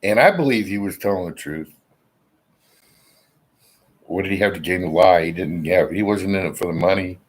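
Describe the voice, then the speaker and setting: A man's voice: low voice, normal speed, long pauses, husky, poor audio. A man rambling in a casual monologue to his viewers, suspicious in tone and swearing freely, with hiccups breaking in now and then. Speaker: vlogger.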